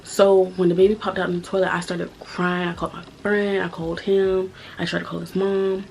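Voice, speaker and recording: A woman's voice: fairly low pitch, flat delivery, fairly quick, creaky, darkish tone, slight background noise, poor audio. A woman in her twenties telling a personal story to her channel in a blunt, profane, emphatic way. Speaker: vlogger. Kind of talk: casual storytime vlog.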